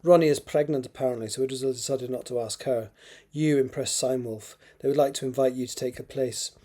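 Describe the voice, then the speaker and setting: A man's voice: medium pitch, steady tone, a little fast, mellow, natural voice. A man voicing an earnest young Scottish man with a Scottish accent, explaining steadily in a storybook reading. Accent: Scottish (put on).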